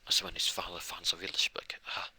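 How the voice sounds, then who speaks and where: A man's voice: low voice, flat delivery, fast talker, pushed and bright, slightly rough, in a whisper. A man improvising a fan-made story, rambling with frequent restarts and fillers. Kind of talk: improvised fan-fiction retelling.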